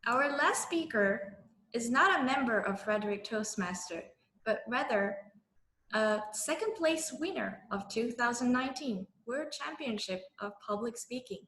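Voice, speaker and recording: Upbeat woman hosting a club meeting on a video call, unhurried delivery, roomy echo. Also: fairly high pitch, expressive, fairly bright tone. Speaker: meeting host. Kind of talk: introducing speakers at a club meeting.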